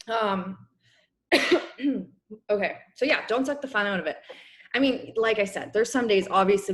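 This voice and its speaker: A young woman coaching her business team on a casual video call, chatty and encouraging, clearing her throat as her voice wears out. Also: medium pitch. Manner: chatty, encouraging, many fillers. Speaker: network marketing coach.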